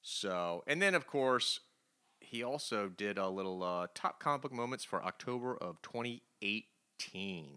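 A man's voice: on the low side, lively intonation, measured pace, sharp tone, smooth. A man hosting a casual comics news podcast, upbeat and chatty, laughing often. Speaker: podcast host.

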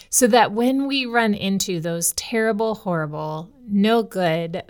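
A woman's voice: mid-range voice, creaky. A woman pastor from the United States, tired today, speaking candidly in a conversational devotional podcast, telling a family story. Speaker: women's pastor.

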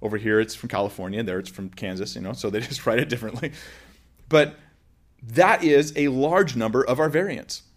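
A man's voice: medium pitch, brisk. A man giving an informal lecture, explaining with everyday examples in a conversational way. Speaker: teacher.

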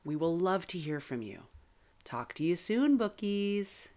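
A woman's voice: on the low side, very animated, unhurried, darkish tone. A woman reading a scripted podcast promo in a pleading, sing-song way to listeners. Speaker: podcast announcer.

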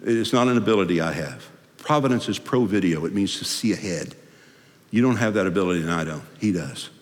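A man preaching a sermon as a pastor, emphatic and swinging between loud declarations and hushed, soft passages. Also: low voice, lively intonation, brisk. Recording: reverberant hall.

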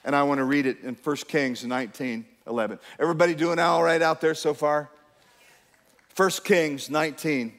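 A man preaching a sermon to a congregation, swinging from hushed, quiet lines to loud emphatic ones and calling out to the crowd. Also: fairly high pitch, normal speed. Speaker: pastor. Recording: long hall reverb.

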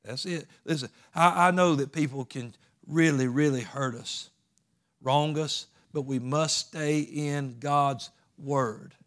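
A man's voice: a little high, slow. A man preaching a sermon in a folksy, emphatic way, with plain rural grammar.

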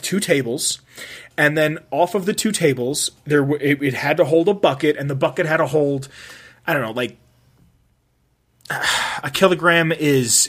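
A man's voice: a little high, fairly bright tone. A young man telling a rambling school story in casual chat, self-mocking, swearing and laughing often.

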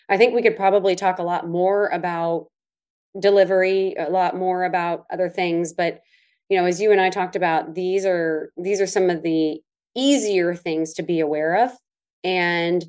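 A woman co-hosting a casual podcast. Her voice sits a little low for a woman. She tells stories and chimes in with easy agreement. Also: darkish tone. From Southern US. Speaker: podcast co-host. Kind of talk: casual chat.

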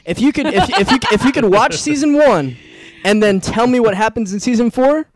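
Guy host w a high voice, jokey, trips over his words a lot, dry sound. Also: fairly quick, no room sound. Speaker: podcast host. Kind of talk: casual interview chat.

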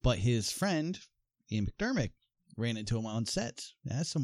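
A man's voice: medium pitch, expressive, moderate pace, darkish tone, no echo. Dry-joking man sharing movie trivia. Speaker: podcast co-host. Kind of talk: casual movie watch-along chat.

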